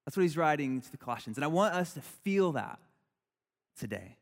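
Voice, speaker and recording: A man's voice: on the high side, sing-song, fairly quick. A man, preaching a sermon in a conversational, earnest way and putting questions to the congregation. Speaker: pastor. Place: church sanctuary. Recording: church hall reverb.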